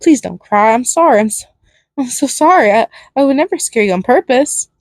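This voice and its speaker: A woman's voice: a little high, lively intonation, brisk, no echo, clean studio sound. Pennywise, a stammering, unhinged male clown, as a woman reads him. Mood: unhinged, clingy. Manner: swings between pleading and manic giggles, stammering. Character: unstable male killer clown, clingy and manic. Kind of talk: fan fiction reading.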